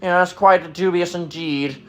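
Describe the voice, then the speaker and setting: A man's voice: high-pitched, fairly even intonation, takes it slowly, a bit bright, voice pushed up. A man putting on the voice of a pompous, stuffy male intellectual in a mocking parody. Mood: haughty.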